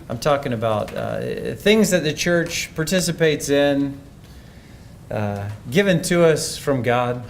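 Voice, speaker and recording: A man's voice: mid-range voice, slight background noise. A man giving a conference presentation in a conversational, thoughtful way, often restarting his sentences. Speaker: speaker.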